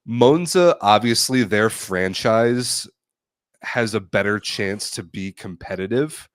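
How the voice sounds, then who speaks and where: Male co-host with a cold, very deep voice, dry remote sound. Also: slow pace, no echo. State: fighting a cold. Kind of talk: casual livestream chat.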